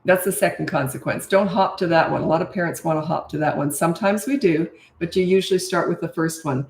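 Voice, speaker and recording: Middle-aged woman coach answering comments live, blunt, lots of okay? right?, lowish voice in a roomy echo. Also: quick pace, darkish tone. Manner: blunt and direct, frequent tag questions. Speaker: parenting coach.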